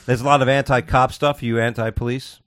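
A man's voice: mid-range voice, brisk, no room sound, clean studio sound. A man hosting a casual talk show, telling crude stories and acting out the voices of the people in them. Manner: profane, animated storyteller acting out voices. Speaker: podcast host.

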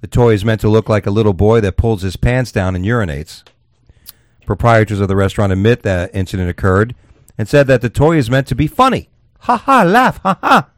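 A man hosting a casual talk show, reading odd news stories aloud with crude jokes and halting restarts. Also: on the low side, darkish tone, no echo, clean studio sound.

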